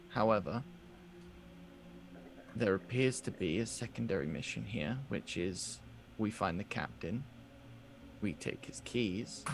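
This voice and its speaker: A man taking part in a tabletop game with a low, gravelly voice. He lays out his party's plans firmly and decisively. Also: slight background noise. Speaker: player.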